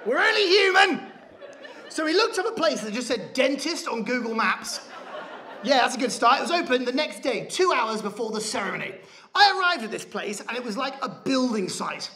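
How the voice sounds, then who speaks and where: A man doing stand-up in a big theatre, his voice bright-pitched and swinging wildly as he tells the story. He tips into shouted rants now and then. The audience laughs loudly around him. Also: sing-song, a little fast, some chatter behind. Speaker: stand-up comedian. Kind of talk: stand-up comedy set. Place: large theatre stage.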